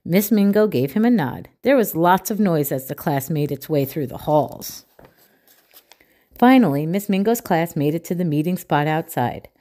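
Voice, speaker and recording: A woman reading a children's picture book aloud with clear, expressive storytelling. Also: low-pitched, moderate pace.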